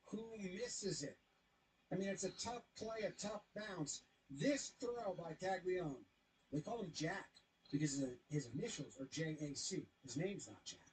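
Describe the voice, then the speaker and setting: A man casually recapping baseball highlights, joking and voicing the players as he goes. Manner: animated, jokey, voices the players.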